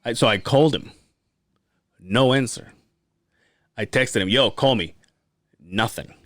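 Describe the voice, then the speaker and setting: On a clean, dry studio recording, a podcast host with a mid-range voice talks a little slowly. He swaps stories in casual conversation, cursing freely and animatedly performing the quoted lines.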